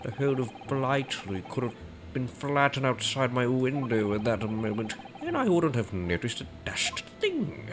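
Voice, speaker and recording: A man's voice: medium pitch, sing-song, a little slow, noisy background. A man doing a pompous old British army man. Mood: blustering. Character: blustering older British retired army man. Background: game music.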